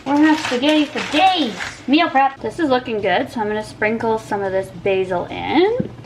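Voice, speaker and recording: Woman vlogger, slightly high voice, bubbly and giggly, cooking and chatting at home. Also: expressive, moderate pace, noisy background. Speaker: food vlogger. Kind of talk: casual chatty vlog. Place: home kitchen.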